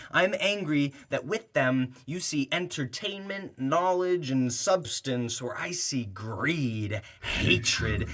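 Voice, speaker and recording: A man's voice: mid-range voice, a bit bright. A young man performing rhyming spoken-word poetry with a sarcastic, heated edge and bursts of laughter.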